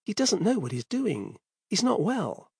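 Scared angry dad yelling in a panic, voice jumps way up high, dry close sound as a man acts him out. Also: huge pitch swings, normal speed, gravelly, slightly rough, dry recording, exaggerated voice. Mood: uneasy. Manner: shouting, panicked. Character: frightened, angry adult male father.

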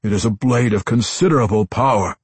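A male drow weapons master, played by a male audiobook narrator, sounds tense and strained, pitched a little above the narrator's own voice. The tone is husky and the recording is dry and close. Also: a little fast, dry recording. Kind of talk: audiobook character voice.

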